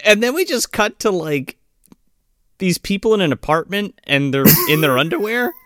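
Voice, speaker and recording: A man's voice: high voice, very animated, normal speed, fairly bright tone, no echo, clean studio sound. A man co-hosting a casual movie podcast, swearing freely, laughing often and acting out lines from the film. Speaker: podcast co-host. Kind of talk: casual movie-review chat.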